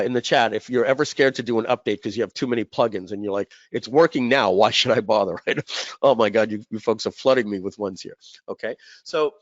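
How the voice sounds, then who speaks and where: Guy rambling thru a story on a webinar, lots of ums and throat clearing, dry dull audio. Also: mid-range voice, dry recording. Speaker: webinar host.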